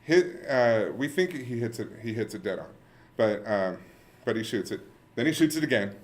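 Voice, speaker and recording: A man's voice: medium pitch, moderate pace. A man in his thirties telling a story in casual podcast chat and acting out the quoted lines. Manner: animated, acts out quoted lines.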